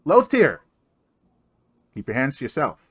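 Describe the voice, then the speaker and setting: A man's voice: medium pitch, very animated, moderate pace, a bit bright. A man voicing an eager, rambling male dwarf trader who talks without stopping, in tabletop role-play. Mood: cheery.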